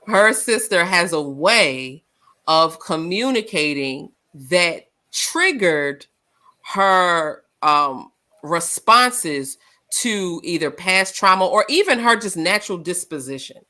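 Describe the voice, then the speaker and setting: A woman co-hosting a live discussion show, loud and passionate, telling stories with acted-out quotes. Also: lowish voice, slow. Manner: animated, storytelling with acted quotes. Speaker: podcast co-host.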